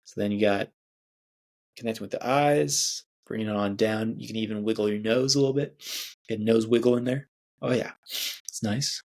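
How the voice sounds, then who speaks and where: A man's voice: fairly low pitch, moderate pace, creaky, a little mellow. A man hosting his own show, leading a casual, chatty guided body scan meditation with sighs and small laughs. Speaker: podcast host.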